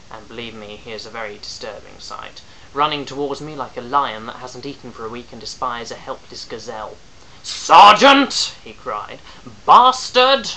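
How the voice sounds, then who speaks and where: A man's voice: medium pitch, bright, forceful tone, slight background noise, low-quality recording. Dry man reading a comic tale. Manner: dry, wry asides, sometimes dropping to a whisper. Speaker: storyteller reading his own story. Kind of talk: deadpan comic first-person narration.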